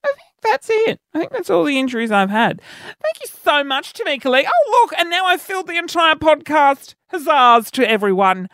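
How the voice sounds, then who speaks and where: A man hosting a podcast, telling self-mocking stories in an animated way. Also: a little fast, gravelly, no echo. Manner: animated, self-mocking, jumps into shrill yelps when acting out panic. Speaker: podcast host. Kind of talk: casual storytelling monologue.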